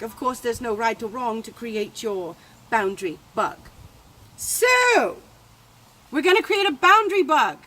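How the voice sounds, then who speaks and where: Woman self-help vlogger, playful coaching tone, slightly high voice. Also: fairly bright tone. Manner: chatty, playful, encouraging. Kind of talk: casual coaching talk.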